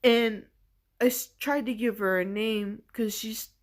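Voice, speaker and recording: A woman shares a deeply personal story on her vlog at an unhurried pace. She talks in a halting, searching way, filling pauses with "like" and "you know." Her tone is earnest and emotional. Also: fairly even intonation. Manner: halting and searching, heavy use of "like". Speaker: vlogger.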